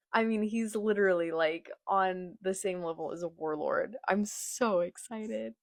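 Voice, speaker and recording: A woman reading a manga live and reacting, excitable and gushing, with gasps and exclamations, reading character lines aloud plainly. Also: mid-range voice, measured pace, hardly any pauses, no room sound, studio quality. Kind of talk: live read-along reaction.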